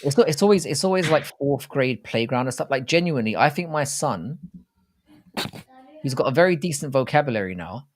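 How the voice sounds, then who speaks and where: A British man co-hosting a live fight-talk stream, chatting casually in an animated, jokey and rambling way with plenty of swearing. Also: medium pitch, fairly quick. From Britain. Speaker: co-host of a live fight show.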